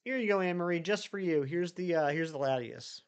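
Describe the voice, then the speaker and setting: A man chatting on a live stream. His voice sits a bit high and sounds smooth and clear. He rambles and answers viewers one by one. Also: a little fast, faint music behind. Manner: rambling, chatty, reads chat aloud and answers it. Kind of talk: casual live-stream chat.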